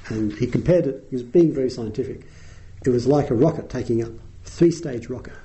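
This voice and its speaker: A middle-aged man gives a relaxed dharma talk. His very dark, mellow voice sits at an ordinary pitch. He tells wry, anecdotal stories and often chuckles at them. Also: a little fast, rough recording. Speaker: meditation teacher.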